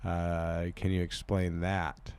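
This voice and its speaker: Podcast guy rambling and swearing, super low gravelly voice. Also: slow pace. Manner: rambling, excitable, profane. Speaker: podcast co-host. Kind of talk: casual podcast chat.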